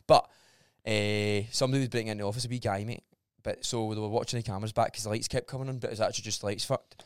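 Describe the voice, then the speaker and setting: A man's voice: on the low side, rapid-fire, smooth, no echo, clean studio sound. Swearing Scottish man telling stories. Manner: animated storyteller, swears freely. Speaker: podcast host. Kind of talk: casual podcast chat.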